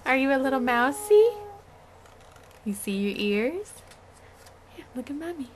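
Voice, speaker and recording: A woman's voice: high voice, sing-song, measured pace, slight background noise. A mother at home coaxing her toddler, using sing-song baby talk. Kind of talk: home video, talking to a toddler.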